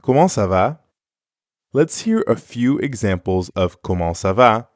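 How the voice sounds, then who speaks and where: A man co-hosting an audio language lesson, explaining words clearly and praising the listener in a scripted way. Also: fairly low pitch, expressive, unhurried, dry recording, clean studio sound. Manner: clear, instructive, encouraging.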